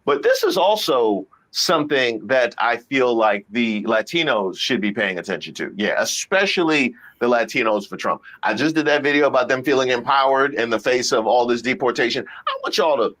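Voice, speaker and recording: Woman commentary host, animated delivery with bright forceful edge, emphatic repetition. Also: a bass voice, normal speed, hardly any pauses. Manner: emphatic, repeats phrases, talks to viewers. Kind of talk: reaction commentary on viral clips.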